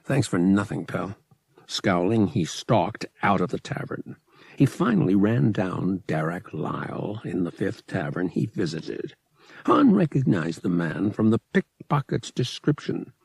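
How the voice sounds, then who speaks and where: A man reading an audiobook in an expressive, measured scripted narration. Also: low-pitched, vocal fry, slightly rough, no echo, clean studio sound.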